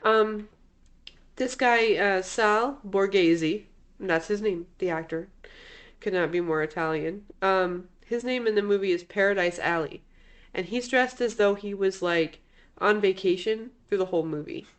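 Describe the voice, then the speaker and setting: A woman co-hosting a casual podcast about bad movies, blunt and quick to swear. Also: mid-range voice. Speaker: podcast co-host. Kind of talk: casual movie review chat.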